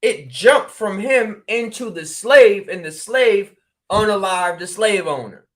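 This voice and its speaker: A man from Connecticut telling a story in casual talk, acting out the dialogue with quick exclamations. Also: high voice. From New Haven, Connecticut. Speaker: spiritual regression practitioner.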